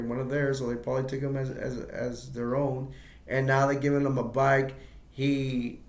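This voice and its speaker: A man at medium pitch walks through a film's story as an amateur reviewer, casual and halting, rambling, often chuckling and filling gaps with "like". The audio is reverberant.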